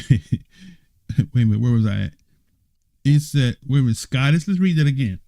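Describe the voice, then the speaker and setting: A man teaching a Bible study, reading passages aloud and commenting on them. His voice sits at a middling pitch but swings up and down freely. He breaks off often for playful, mock-surprised exclamations. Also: moderate pace, vocal fry. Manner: animated, teasing asides with laughter.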